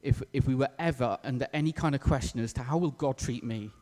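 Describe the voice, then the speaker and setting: Preacher in an echoey church. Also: male voice, mid-range voice, fast, darkish tone. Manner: casual, self-deprecating, with fillers. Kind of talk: sermon.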